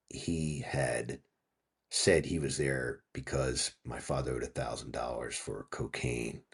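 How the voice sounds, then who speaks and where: A man's voice: rumbling low, vocal fry, slightly rough. A man in his fifties from Pennsylvania, a guest author telling a story in a casual interview, acting out what people said and swearing freely. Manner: animated storyteller, acting out quotes, frequent profanity.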